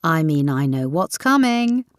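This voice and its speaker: A woman voicing a married man who is dry and gently mocking, with a lively, rather low voice. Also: dry recording. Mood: teasing. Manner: wry, measured, gently mocking.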